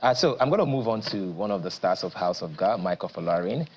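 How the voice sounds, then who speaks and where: A man's voice: low voice, expressive, fast, muffled recording, slight background noise. A man hosting a TV studio interview, chatty and agreeable, laughing easily with his guests. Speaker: TV show host.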